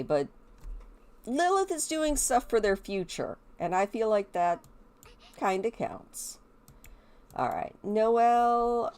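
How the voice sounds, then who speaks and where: A woman's voice: medium pitch, darkish tone. A woman, chatting casually as she narrates a life-sim game and talks to the characters. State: stuffy nose. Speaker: gameplay video host. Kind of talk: casual gameplay commentary.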